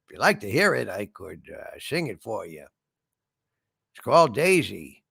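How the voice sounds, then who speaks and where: A meandering male spaceship computer, put on by a man, talks like a shambling detective. The voice is gravelly and husky, with a lively pitch. The sound is dry and close. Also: moderate pace, dry recording, full character voice. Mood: polite. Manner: meandering, polite, trails off with "sir". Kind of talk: comedy impression sketch.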